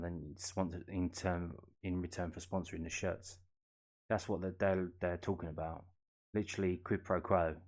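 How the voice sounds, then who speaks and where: A man hosting a football news channel, ranting casually and bluntly with lots of swearing, fillers and restarts. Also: fairly low pitch.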